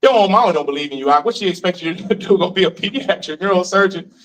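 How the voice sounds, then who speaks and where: Animated man lecturing a class. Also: high voice, fast. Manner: animated, questions the audience. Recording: voice from far off.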